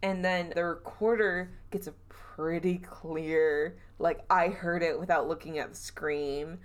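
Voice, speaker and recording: A woman with a Southern US accent hosts a casual podcast and tells a spooky story. Her voice sits fairly low, and she keeps it chatty and animated, acting out each quote as it comes. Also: unhurried. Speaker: podcast host.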